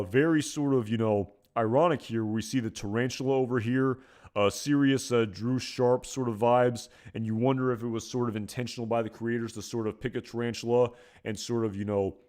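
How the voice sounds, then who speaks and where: A man's voice: mid-range voice, darkish tone. A man giving casual episode commentary, rambling and hesitant with many fillers. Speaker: video commentator.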